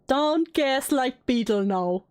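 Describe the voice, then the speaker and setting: A woman's voice: high-pitched, animated, takes it slowly, darkish tone, smooth. A woman hosting a stream, chatting in a teasing way and laughing often. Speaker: streamer host. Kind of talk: casual stream chat.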